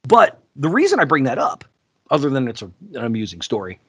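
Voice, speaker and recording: A man co-hosting a podcast, telling sales stories in a casual, animated way and acting out the people he quotes. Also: medium pitch, fast talker, breathy edge, no room sound. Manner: animated, acts out quoted voices. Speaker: podcast co-host. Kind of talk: casual storytelling chat.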